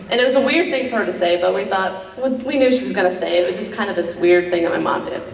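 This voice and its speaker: A woman's voice: medium pitch, animated, quick pace, creaky. A woman doing a stand-up set in an ordinary mid-range voice, rambling through a story with frequent "um"s and chuckles at her own jokes. She is caught from a distance, in a roomy, echoing space. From New York. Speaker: stand-up comic.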